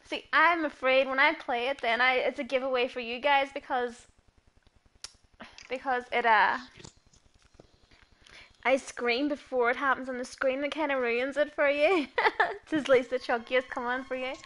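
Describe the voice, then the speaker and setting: A woman streaming a horror game live, hoarse and laughing often as she chats to viewers and a friend. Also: high voice, steady tone, normal speed, long pauses, fairly bright tone. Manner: giggly, chatty, talks to viewers. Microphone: earpiece headset.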